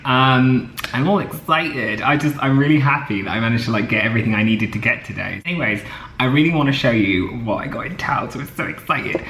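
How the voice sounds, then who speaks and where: A man's voice: mid-range voice, a bit bright, echoey room. A man in casual vlog chat, upbeat and chatty with lots of ums and laughs, at times out of breath while walking. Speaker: vlogger. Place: outdoors on a street, then indoors. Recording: noisy outdoor background with traffic.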